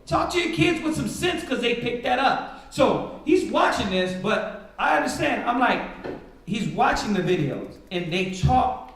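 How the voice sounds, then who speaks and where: A man's voice: very high voice, sing-song, unhurried, gravelly, fairly bright tone. A man teaching a live Sabbath Bible class, preaching emphatically and asking rhetorical questions. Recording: echoey room, far from mic.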